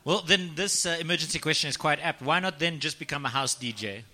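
A man's voice: a little high, fast, sharp tone. A man, a podcast host teasing his guest in casual, playful chat. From South Africa.

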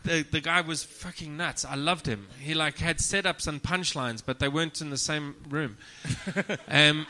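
Deadpan South African comedian, bright voice. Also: male voice, on the high side, unhurried, hardly any pauses. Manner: deadpan, profane, self-mocking. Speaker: comedian guest. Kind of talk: casual podcast chat, comic storytelling.

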